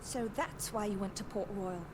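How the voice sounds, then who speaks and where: A woman's voice: mid-range voice, normal speed, background noise, lightly acted. An actress voicing a spirited young noblewoman in a video game, pointed and indignant. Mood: reproachful. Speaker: game character.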